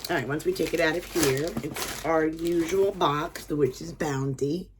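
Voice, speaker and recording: Woman, low voice, slow unhurried talk, excitable unboxing vlogger, gasps and whispers, faint background hiss. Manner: excitable, gasping and whispering with delight. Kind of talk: casual unboxing chat.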